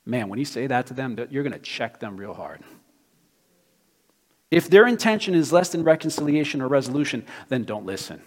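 A man preaching a sermon as pastor, with an emphatic, animated delivery and many rhetorical questions. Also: medium pitch, brisk. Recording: long hall reverb.

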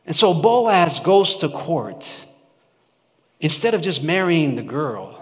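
A man preaching from the pulpit of a church, chatty with his congregation and quick to burst into loud mock outbursts before dropping to an earnest hush. His voice sits a bit high for a man. The sanctuary carries a long, ringing reverb. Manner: animated, shifts from loud mock-shouting to hushed earnestness; conversational, asks the congregation questions. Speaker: pastor. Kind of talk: sermon.

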